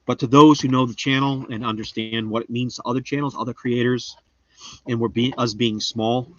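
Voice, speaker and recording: A man's voice: steady tone, a little fast, fairly bright tone, no echo. Rambling, goofy male livestreamer, dry lo-fi sound. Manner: rambling, goofy, self-mocking, jumps into high silly voices. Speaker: homestead gardening livestreamer. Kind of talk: casual live-stream chat. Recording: dull, slightly lo-fi dry sound.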